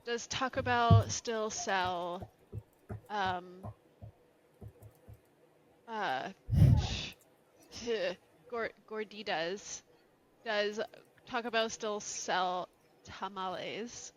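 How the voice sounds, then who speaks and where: A woman's voice: medium pitch, very slow, pauses often. A woman from Canada, a podcast guest playing a guessing game in casual chat, giggly and self-deprecating.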